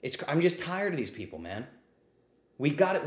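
In an echoey room, a man hosting a livestreamed ask-me-anything answers questions in an impassioned, blunt, profane rant. His voice is on the high side and sing-song at a normal speed, and he is riled up, even saying he's getting heated.

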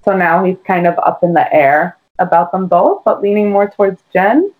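A woman's voice: lowish voice, normal speed, a little mellow, poor audio. Chatty woman, filler-heavy podcast talk. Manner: chatty, lots of "like" and "um". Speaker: podcast co-host. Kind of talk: casual chat.

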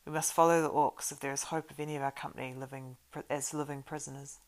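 A woman reading a story aloud and voicing a gruff, impatient dwarf warrior man who speaks in loud, urgent outbursts. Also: low voice, level tone, fast, close to an everyday voice.

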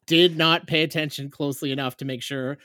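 Animated man telling a story, dry sound. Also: fairly high pitch, brisk, no echo. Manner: animated, acts out quoted dialogue. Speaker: podcast guest. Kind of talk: casual storytelling chat.

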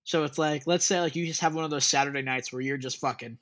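A man's voice: fairly high pitch, fairly even intonation, fast, a bit bright. A man in a casual podcast chat who talks emphatically and swears freely. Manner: emphatic, profane.

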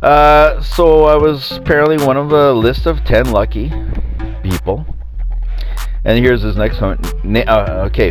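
A man's voice: medium pitch, steady tone, unhurried, faint music behind. A man hosting a podcast. He tells a story in a casual, sarcastic, mocking way and laughs at his own jokes. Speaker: podcast host.

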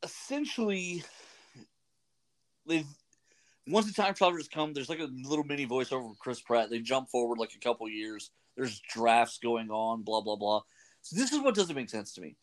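A man's voice: mid-range voice, lively intonation, normal speed. A man hosting a radio show, rambling casually with many fillers. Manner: rambling, chatty, lots of fillers. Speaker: radio host. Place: radio studio.

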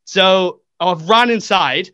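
Young man, podcast guest, lively storyteller, high bright voice, dry close sound. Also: takes it slowly, smooth, no echo. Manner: animated, acts out quotes, many fillers. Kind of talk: casual storytelling.

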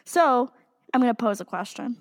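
A young woman chats as co-host of a fan podcast. Her voice sits a little high, and her talk is excitable and dramatic, with groans and swearing. The sound carries a long reverb tail. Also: normal speed. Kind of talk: casual fan podcast chat.

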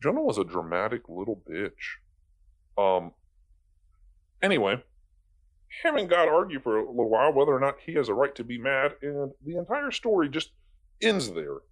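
A young man speaks at an ordinary mid-range pitch, ranting with open exasperation. His delivery is sarcastic and casual, and he swears without a second thought. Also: sing-song, moderate pace, pauses often. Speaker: video commentator. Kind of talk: profane ranting commentary.

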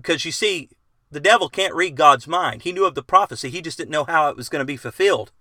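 A man's voice: fairly high pitch, expressive, fast, bright, forceful tone, dry recording, clean studio sound. A middle-aged man preaching a bible lesson, reading scripture aloud and explaining it with earnest questions to his listeners. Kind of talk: bible teaching sermon.

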